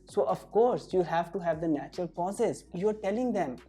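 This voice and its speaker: A woman's voice: lowish voice, expressive, normal speed, dark tone, slightly rough. A woman tutoring for a speaking exam, talking straight to the viewer and leaning hard on key words for emphasis. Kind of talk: direct-to-camera teaching.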